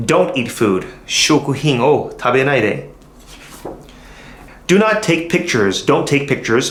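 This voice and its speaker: Slow, deliberate man teaching in an echoey room. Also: mid-range voice, fairly bright tone, distant mic, a little hiss or hum. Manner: slow, deliberate drilling of phrases. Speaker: English teacher. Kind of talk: classroom lesson demonstration.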